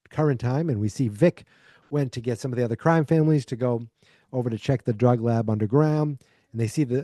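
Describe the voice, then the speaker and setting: A man's voice: mid-range voice, warm tone, dry recording, clean studio sound. A man hosting a podcast, casually recapping an episode in a rambling way full of fillers. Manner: rambling, filler-heavy retelling. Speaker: podcast host.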